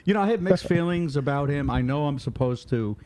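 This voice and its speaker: A man's voice: a little high, animated, brisk, a little mellow, a little hiss or hum. A man in a casual podcast chat, speaking hesitantly with many restarts. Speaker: podcast co-host.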